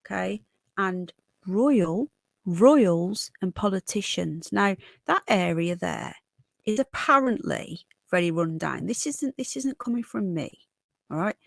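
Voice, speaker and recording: A woman's voice: medium pitch, expressive, takes it slowly, vocal fry, no echo, clean studio sound. A woman hosting a casual livestream, chatting with viewers and thanking them by name. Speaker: livestream host.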